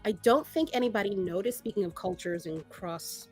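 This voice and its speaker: A woman co-hosting a casual podcast, talking in an animated way with laughs and many restarts. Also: medium pitch, normal speed, faint music behind. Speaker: podcast co-host. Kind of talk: casual chat.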